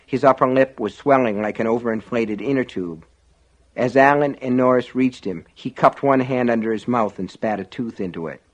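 A man reading an audiobook in a measured, dramatic storytelling manner. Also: mid-range voice. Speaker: audiobook narrator. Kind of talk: scripted audiobook narration.

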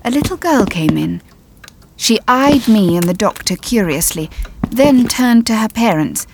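A woman narrating a story in the first person, measured and tense. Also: on the high side, expressive, noisy background. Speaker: audiobook narrator.

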